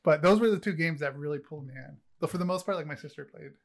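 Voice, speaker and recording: A middle-aged man chatting on a podcast, his voice sitting a bit high. He rambles along, stacking fillers as he goes. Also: quick pace, vocal fry. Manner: rambling, heavy on fillers, laughs often. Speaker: podcast co-host. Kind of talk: casual chat.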